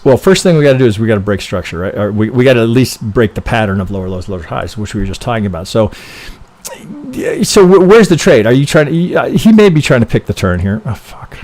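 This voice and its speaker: A man's voice: on the low side, animated, fast talker, hardly any pauses, a little mellow. A man reviewing trading charts on a live stream, thinking aloud casually, swearing freely and checking in with "right?" after nearly every point.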